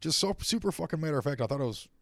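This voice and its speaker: A man's voice: a little high, lively intonation, racing, no echo. A man co-hosting a podcast in casual chat, cursing freely and laughing often, recorded close and dry. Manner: swears a lot, laughs often. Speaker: podcast co-host.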